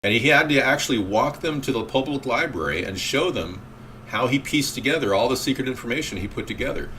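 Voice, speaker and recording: A man's voice: medium pitch, animated, brisk, bright, forceful tone, a little hiss or hum. A man hosting a casual call-in talk show, rambling and reacting to callers and chat.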